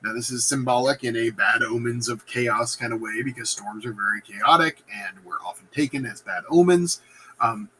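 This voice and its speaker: A male teacher casually retelling a play in a lesson, slangy and animated, acting out lines in voices. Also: mid-range voice, normal speed, slight background noise, rough recording. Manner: animated, slangy, acts out quotes in funny voices.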